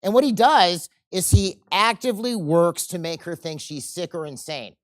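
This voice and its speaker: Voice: mid-range voice, moderate pace, no echo, studio quality. Casual seminar presenter quizzing the audience. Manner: casual, asks the audience questions, tells anecdotes. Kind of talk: conversational seminar lecture.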